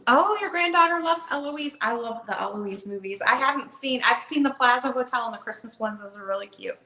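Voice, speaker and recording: A woman's voice: a little high, fairly quick, pushed and bright. A woman hosting a live online book sale, chatty and upbeat, calling out bids. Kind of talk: casual live auction chat. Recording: echoey room.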